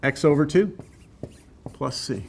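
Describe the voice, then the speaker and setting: A man lectures in a classroom with a fairly high voice. He talks his way through the math casually, thinking aloud and slipping in jokes. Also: animated, slow pace, vocal fry, slight background noise. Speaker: calculus teacher.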